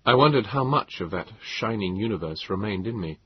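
A man narrating an audiobook in first person, with a measured storytelling delivery. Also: on the low side, lively intonation, slightly rough, no echo. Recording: dull lo-fi, dry.

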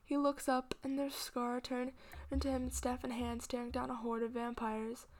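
Brief: female story reader, fiction, flat steady delivery, slips into whispers. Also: a little high, moderate pace. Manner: drops often into hushed whispers. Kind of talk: dramatic fiction reading.

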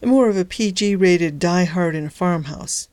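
Woman reading her own novella out loud, kinda low voice, dry close sound, light and funny delivery. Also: normal speed, no room sound. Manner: lively, lightly humorous storytelling. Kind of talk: scripted narration of a serialized story.

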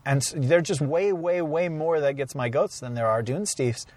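A man's voice: a little high, normal speed, no echo. Rambling man with a dry close mic. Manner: rambling, laughs often, excitable storytelling. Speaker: podcast co-host. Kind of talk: casual chat.

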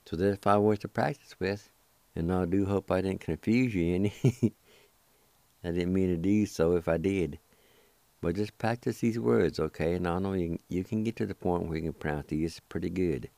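A deep, mellow-voiced man teaches words slowly, breaking each into syllables and repeating them patiently. He sounds reassuring and unhurried. The sound is dry and close, like a small studio. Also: vocal fry, dry recording. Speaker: radio host teaching language. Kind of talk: slow word-by-word pronunciation lesson.

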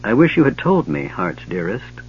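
A man voicing a stern, proud male plainsman warrior who speaks in a hushed, tender, formal way, in a dull lo-fi recording. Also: mid-range voice, very animated, moderate pace, a little hiss or hum.

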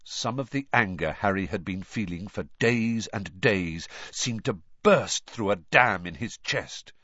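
A man narrating a story aloud with expressive, animated storytelling. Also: on the low side, unhurried, no room sound. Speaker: audiobook narrator. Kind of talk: scripted narration. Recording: dull dry lo-fi audio.

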